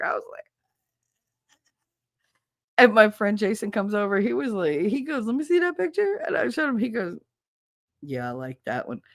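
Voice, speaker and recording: A woman's voice: on the high side, very animated, moderate pace, gravelly, long pauses, no echo, studio quality. A woman in her thirties, a livestreamer chatting casually with viewers, telling stories with frequent swearing and laughter. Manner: chatty storyteller, swears freely, laughs often.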